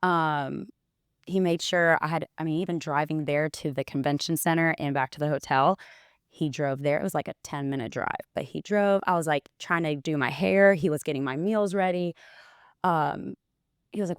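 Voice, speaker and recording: Low, smooth-voiced young woman. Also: moderate pace, dry recording, studio quality. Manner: chatty storytelling, quoting others. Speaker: interview guest, wellness bodybuilder. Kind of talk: casual interview chat.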